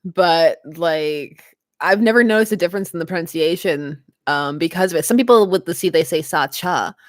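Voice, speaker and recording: A woman's voice: lowish voice, a little fast, no room sound, clean studio sound. A woman hosting a livestream, chatting casually and giggling often. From Canada. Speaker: livestream host.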